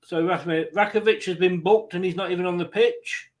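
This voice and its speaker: A man with a notably high voice commentates a live football match for fellow fans. He is excitable and quick to laugh. His delivery is casual and chatty. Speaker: watchalong host.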